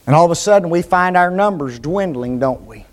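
A man with a high voice preaches a sermon. He drives his points home with emphatic repetition and keeps asking his listeners short tag questions. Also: lively intonation, fairly quick.

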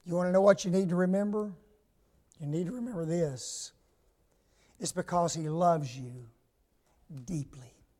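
A man preaching a sermon in a high voice, taking his time over every phrase. He punches key words, then falls to a hush and asks his listeners questions. The delivery is emphatic and pulpit-style. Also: unhurried, pauses often. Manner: emphatic, swings from loud stress to hushed asides; asks the congregation rhetorical questions.

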